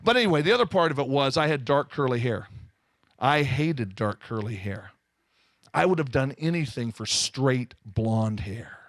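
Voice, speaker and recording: A man from Southern California telling his life story to an audience, animated and full of self-mocking humor. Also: mid-range voice, normal speed, dry recording, clean studio sound. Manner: animated storytelling, acting out quoted voices. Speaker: speaker giving his testimony. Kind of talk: testimony to a live audience.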